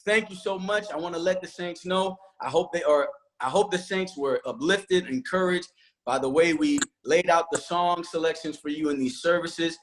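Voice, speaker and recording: A man's voice: a little high, normal speed, slight background noise. A man who directs a church choir, giving long, emotional thanks and acknowledgements on a virtual church panel.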